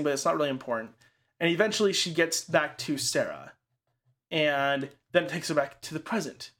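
A man's voice: on the high side, fairly bright tone. A man in casual chat, recapping a horror movie in a rambling way, full of "like" and casual swearing.

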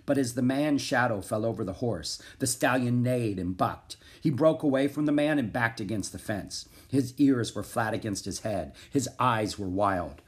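A man reading a children's chapter book aloud, animated and expressive. His pitch rides up and down with the action, sitting in a middle register. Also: moderate pace, hardly any pauses. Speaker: narrator.

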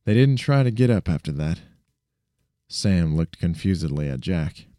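Amateur male story reader, deep, dark tone, dry close sound, frequent restarts. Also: big pitch swings, moderate pace, no echo. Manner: frequent restarts and self-corrections. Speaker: narrator.

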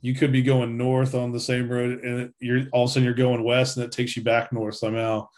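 A man's voice: medium pitch, completely flat delivery, brisk, darkish tone. A man talking as a guest in a casual interview, easygoing and rambling, with lots of fillers.

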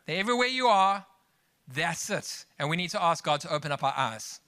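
This pastor's fairly high, smooth voice is very animated, bright and forceful, and he talks fairly quickly. His emphatic sermon mixes scripture with storytelling asides to the congregation, full of rising exclamations.

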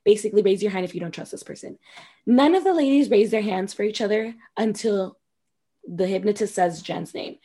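A woman's voice: medium pitch, a little fast, mellow, husky. A woman co-hosting a casual podcast, animatedly recapping a reality show, acting out quotes and swearing freely. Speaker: podcast co-host.

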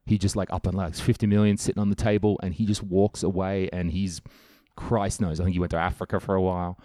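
A comedian talking casually on his own show, animated and swearing freely as he acts out quoted voices. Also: sits low, fast, no echo. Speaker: comedian podcast host. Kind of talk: casual monologue.

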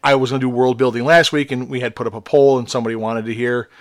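A man's voice: mid-range voice, steady tone, quick pace, no echo, studio quality. A man co-hosting a casual podcast, rambling with lots of restarts and fillers. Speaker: podcast co-host, module writer. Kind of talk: casual chat.

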